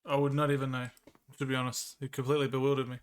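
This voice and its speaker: A man's voice: medium pitch, flat delivery, racing, smooth. A young Australian man with a Victorian accent chatting casually with viewers on a live stream, laughing often and sounding bemused. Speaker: livestreamer.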